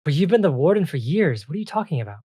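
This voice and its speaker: A game master voicing an impatient young female ice fairy who talks high, loud and in rapid bursts. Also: sing-song, husky, dry recording, studio quality, full character voice. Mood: exasperated.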